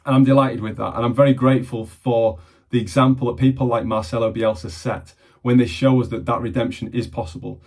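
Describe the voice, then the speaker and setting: A man from England talks earnestly and reflectively to camera in the manner of a mentor. His voice has a slightly husky grain at a mid pitch. He often doubles back on words as he restarts his phrases. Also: fairly even intonation, brisk, a little mellow. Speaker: mentor and vlogger.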